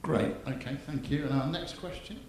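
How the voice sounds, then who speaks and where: A moderator running audience questions at a live event, brisk and joking. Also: medium pitch, noisy background. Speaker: panel moderator. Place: large event hall. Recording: very echoey hall with crowd.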